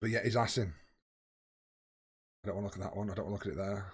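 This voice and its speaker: A man's voice: lowish voice, fairly even intonation, rapid-fire, crowd noise. A young man chatting casually with viewers during a live game stream, greeting them by name and swearing freely. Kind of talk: casual live-stream chat while playing.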